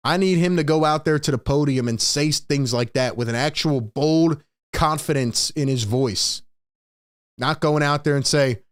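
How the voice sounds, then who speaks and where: A man's voice: a little high, normal speed, dry recording, studio quality. A man hosting a live postgame fan show, ranting in frustration and reading out viewers' chat comments. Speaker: sports podcast host.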